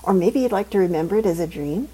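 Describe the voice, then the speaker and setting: A woman's voice: lowish voice, animated, fast talker, dark tone, husky, low-quality recording. A woman reading a novel aloud and voicing a small, balding, dumpling-shaped male watcher who talks in a prim, exasperated, over-explaining way. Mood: fussy, exasperated.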